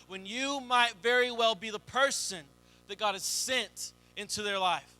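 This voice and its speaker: A man's voice: sits high, unhurried, pushed and bright. A young adult man preaching a sermon, telling a story and acting out the voices in it. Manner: storytelling, acts out quoted voices. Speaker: pastor.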